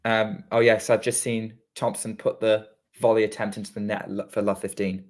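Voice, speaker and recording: A man's voice: fairly low pitch, little pitch movement. A British man co-hosting a casual tennis watchalong, calling the rallies live and chatting between points. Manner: running play-by-play, quickens during rallies. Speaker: podcast co-host doing live commentary.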